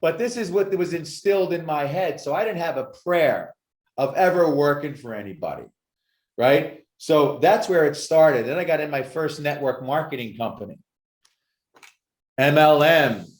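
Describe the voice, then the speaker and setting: A man who works as an addictions success coach, telling his story with emphatic, animated energy in a podcast interview. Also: fairly high pitch, normal speed. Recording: roomy echo.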